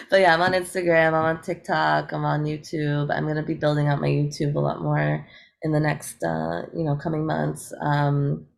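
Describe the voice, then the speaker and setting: A woman talks through an interview in a loose, upbeat way, filling gaps with fillers and quick laughs. Her voice sits low and carries a gravelly fry. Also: little pitch movement. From United States. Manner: chatty, upbeat, laughs often, many fillers. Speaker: guest, eco-rapper. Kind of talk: casual interview chat.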